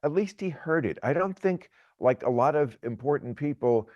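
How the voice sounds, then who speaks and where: A man in his sixties giving opinionated political talk, halting and repeating words, then pressing his point emphatically. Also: on the high side, expressive, dry recording, highs cut off. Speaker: guest commentator.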